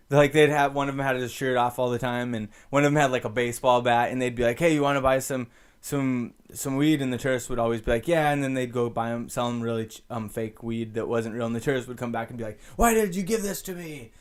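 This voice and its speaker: Young guy rambling thru a story, lots of um and like, smooth clear voice. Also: mid-range voice. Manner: rambling, many fillers and restarts. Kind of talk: casual personal storytelling.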